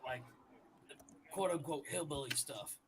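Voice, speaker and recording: A man bantering loudly in casual podcast chat. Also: fairly high pitch, a little slow, creaky, a little hiss or hum. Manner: loud joking banter. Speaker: podcast co-host.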